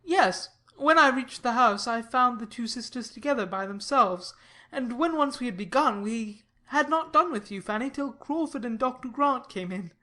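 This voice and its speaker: A woman reads the part of a sober, earnest young gentleman in a classic audiobook. He speaks in a measured, persuasive way, his voice pitched a little high. It is plain storybook reading rather than a put-on character voice. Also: expressive.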